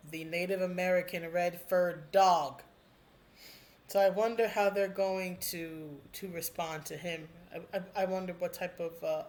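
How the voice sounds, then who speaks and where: Rambling, earnest solo commentator. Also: mid-range voice. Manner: rambling and hesitant, with frequent restarts and fillers; earnest and heartfelt. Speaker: video commentator. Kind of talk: casual spoken commentary.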